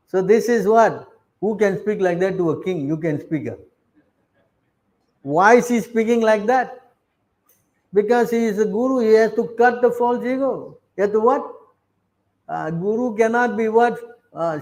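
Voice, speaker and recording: High-voiced man preaching with rhetorical questions. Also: unhurried, pauses often, a little mellow, rough recording. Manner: peppers talk with rhetorical questions like "huh?"; reads verses then explains them in emphatic, blunt bursts. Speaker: scripture class teacher. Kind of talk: scripture reading and sermon.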